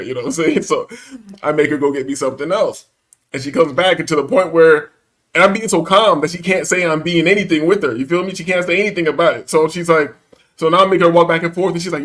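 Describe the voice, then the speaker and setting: A man's voice: on the high side, fast, a bit bright. A man telling a story in casual chat, acting out the quotes and laughing often, with profane slangy banter.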